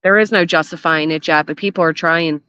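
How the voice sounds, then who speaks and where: A woman's voice: low-pitched, fairly even intonation, brisk, sharp tone, smooth, dry recording. An older woman hosting a reaction commentary channel, blunt, sarcastic and swearing freely, recorded outdoors by a garden fence. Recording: dull, dry lo-fi sound.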